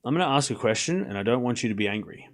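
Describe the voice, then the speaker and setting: A man with a medium-pitched, animated voice hosts a live tennis watchalong. He calls the score and chats casually with viewers, addressing his live chat directly in a chatty style marked by quick asides and restarts.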